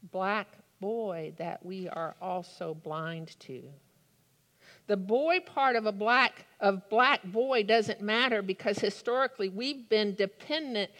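A woman preaching a sermon in a slow, deliberate way with dramatic pauses. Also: mid-range voice, fairly bright tone. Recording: long hall reverb.

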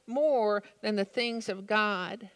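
A woman reading the part of a stern male teacher who speaks with firm, forceful rebuke. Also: medium pitch, slow pace, close to an everyday voice. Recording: long reverb of a large room.

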